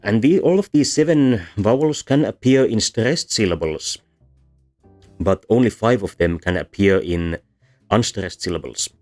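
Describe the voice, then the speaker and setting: A VTuber linguistics presenter with a very low voice gives a livestreamed lecture on vowel sounds, explaining patiently with frequent ums and uhs. Now and then he sounds out vowels as examples. Soft background music plays faintly beneath him.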